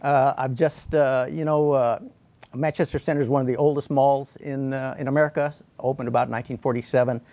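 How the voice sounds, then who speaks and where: Older man guest on a TV chat, mid-pitched, matter-of-fact promoter. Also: fairly even intonation, a little fast, mellow. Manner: plain, announcing details. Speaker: event promoter. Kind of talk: studio interview.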